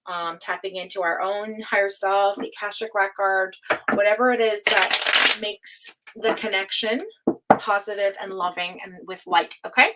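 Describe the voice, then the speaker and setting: A woman hosting a live tarot stream, chatting casually with viewers, laughing often and speaking of energy and higher self. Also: fairly even intonation, moderate pace, heavy background noise. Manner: chatty, reads out chat names and laughs often.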